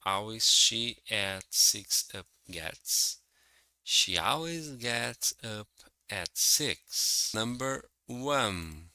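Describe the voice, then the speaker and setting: Slow, bright-voiced male English teacher. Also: mid-range voice, clean tone, dry recording, low-quality recording. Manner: slow, careful and explanatory, reading out example sentences. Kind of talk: slow, deliberate grammar lesson.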